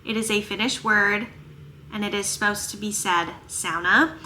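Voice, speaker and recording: Young woman vlogger from northern Minnesota, middle-pitched, bright tone, casual animated chat. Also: moderate pace, slight background noise. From northern Minnesota, USA. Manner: chatty, animated, emphatic repeats. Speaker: chiropractor and vlogger. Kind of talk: casual get-to-know-me chat.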